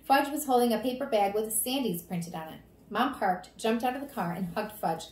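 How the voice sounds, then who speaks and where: A woman narrating a children's storybook aloud in a steady, plain manner. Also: on the high side, normal speed. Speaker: reader. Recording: roomy echo.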